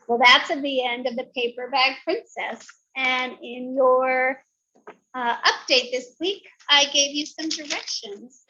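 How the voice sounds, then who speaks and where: A woman teacher reading a picture book aloud to young children, drawing out her words in an animated storytelling way. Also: high-pitched. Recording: dull lo-fi recording.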